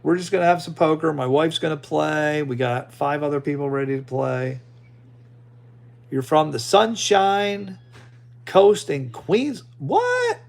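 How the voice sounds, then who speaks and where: A man's voice: on the high side, fairly even intonation, measured pace, creaky. A man hosting a casual livestream, chatting loosely with his viewers and an AI assistant. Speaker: livestream host.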